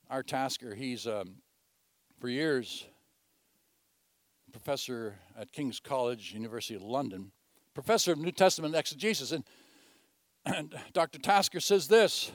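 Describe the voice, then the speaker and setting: A man preaching a sermon, earnestly swinging between loud emphatic lines and quiet, hushed asides, often repeating phrases as he teaches. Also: medium pitch, no echo. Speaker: pastor.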